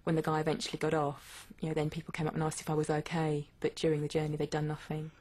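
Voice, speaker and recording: A woman calmly recounting something that happened to her in an interview. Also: low-pitched, fast talker, slightly rough. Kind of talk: testimony interview.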